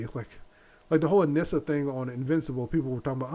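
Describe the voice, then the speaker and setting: A man's voice: mid-range voice, fast talker, darkish tone. A middle-aged man hosting a solo opinion podcast, blunt and exasperated, repeating his points. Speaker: podcast host.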